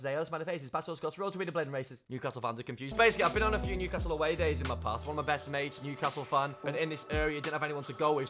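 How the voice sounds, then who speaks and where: A man's voice: sits high, pushed and bright. A young English man giving casual, joking gameplay commentary and talking straight to his viewers as a gaming YouTuber. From England. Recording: faint music underneath.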